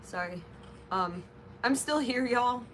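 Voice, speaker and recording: Young female streamer, unhurried and blunt, baby-talk asides, fairly high voice, noisy home audio. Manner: blunt and profane, cooing baby talk to her infant. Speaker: livestreamer. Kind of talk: casual livestream chat.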